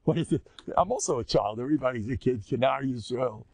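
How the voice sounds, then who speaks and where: An older man, a rabbi, giving a Torah lecture in an animated way, acting out inner voices and mixing in Hebrew and Yiddish terms. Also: mid-range voice, fast, vocal fry, no echo. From United States.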